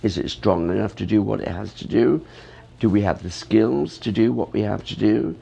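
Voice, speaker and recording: Man, ballet teacher, very low voice, rambling, filler-heavy interview talk. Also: moderate pace, gravelly, dark tone, slightly rough. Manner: rambling, many "you know" fillers. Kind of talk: interview answers.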